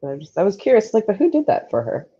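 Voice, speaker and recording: A woman's voice: mid-range voice, wildly swooping pitch, fast talker, mellow, husky. A woman co-hosting a book club podcast, chatting casually and rambling with lots of "like" and restarts. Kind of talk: casual chat. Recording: dull lo-fi audio.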